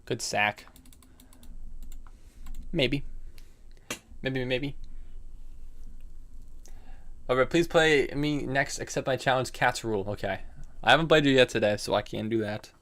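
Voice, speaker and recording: A man's voice: medium pitch, measured pace, long pauses, a bit bright. A man streaming online chess, chatting casually and thinking aloud about his moves while answering viewers. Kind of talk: casual live-stream game commentary.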